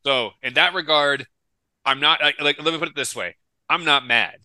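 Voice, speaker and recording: A man's voice: on the high side, moderate pace, sharp tone, no room sound, low-quality recording. A man co-hosting a podcast in casual chat, telling long stories with restarts and asides. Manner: rambling storyteller with restarts. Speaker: podcast co-host.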